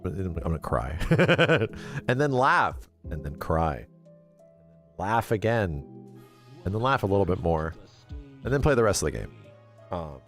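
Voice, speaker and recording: A man livestreaming in casual chat with his audience, animated and rambling, swearing freely and calling people bro and dude. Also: low voice, unhurried, pauses often, faint music behind.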